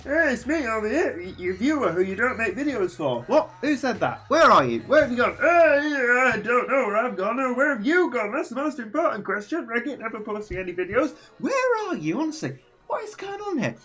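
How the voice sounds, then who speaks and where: A streamer putting on the high, squeaky, stammering voice of a whiny, flustered video maker. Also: sing-song, a little fast, few pauses, sharp tone, slightly rough, faint music behind, exaggerated voice. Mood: squeaky protest.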